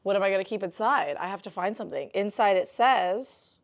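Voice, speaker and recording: A young woman talks through a jewelry unboxing for her vlog. She chats and rambles at a middling pitch and breaks into gushing, squealing bursts of excitement. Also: brisk. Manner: chatty, rambling.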